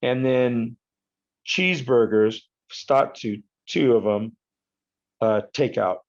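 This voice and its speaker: A mid-pitched man in his fifties tells stories, swearing freely and jumping around with energy. The audio is a little dull, like a modest podcast setup. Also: slow pace. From United States. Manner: animated, profane storytelling. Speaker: podcast guest, retired wrestler. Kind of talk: casual storytelling interview.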